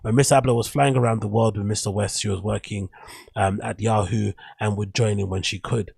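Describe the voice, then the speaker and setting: A man's voice: lowish voice, steady tone, a little fast, creaky, darkish tone, husky, no room sound. A man hosting a podcast, rambling through casual, opinionated commentary and reading an article aloud with stumbles and self-corrections. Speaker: podcast host.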